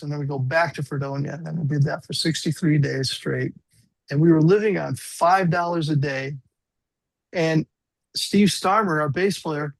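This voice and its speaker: A man's voice: on the high side, gravelly, dry recording, rough recording. A man in his sixties, a guest musician, telling rambling, self-deprecating stories in a casual interview.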